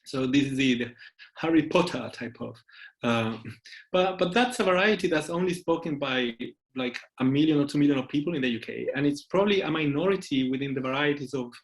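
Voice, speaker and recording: A man's voice: medium pitch, fairly quick. A man with a Latin American Spanish accent, a guest speaker chatting casually on a video call, with frequent fillers and laughs. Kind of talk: casual conference talk.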